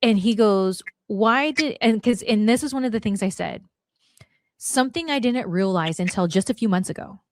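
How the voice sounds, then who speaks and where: A woman's voice: mid-range voice, lively intonation, normal speed, no room sound, studio quality. A woman in her forties, a guest on a podcast, telling stories bluntly and acting out the lines she quotes. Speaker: podcast guest, former wrestler. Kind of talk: casual storytelling chat.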